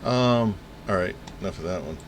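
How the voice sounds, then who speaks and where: A man's voice: low voice, normal speed, noisy background. A man giving casual, mocking commentary on news clips, laughing and rambling between them.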